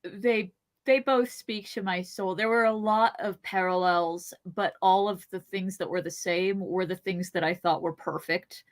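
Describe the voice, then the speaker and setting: A woman co-hosting a podcast in casual chat, talking with quick asides and frequent laughter. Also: fairly low pitch, fairly even intonation. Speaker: podcast co-host.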